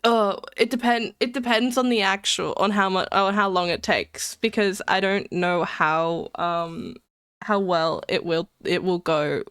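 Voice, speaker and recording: A woman streamer in casual live-stream chat, excitable and giggly, rambling and repeating herself. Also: medium pitch, measured pace, clear, resonant tone, no echo, studio quality.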